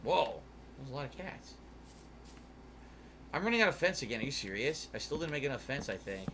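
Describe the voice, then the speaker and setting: A man's voice: mid-range voice, very animated, brisk, background noise. A man casually chatting on a gaming livestream, rambling and musing aloud with some swearing, yawny tonight. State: yawny, sleepy. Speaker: streamer.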